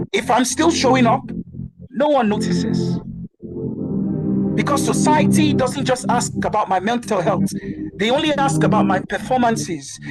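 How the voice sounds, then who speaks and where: A young man performing a slow, heartfelt spoken word piece to a live audience. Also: very high-pitched, rough recording. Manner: slow, dramatic, heartfelt delivery. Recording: music playing behind the voice.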